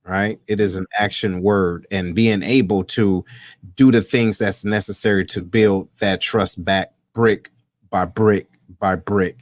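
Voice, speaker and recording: A man's voice: fairly low pitch, fairly even intonation, a little slow, no echo, clean studio sound. A man hosting an interview, affirming his guest and repeating phrases for emphasis. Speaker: podcast host. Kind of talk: conversational interview.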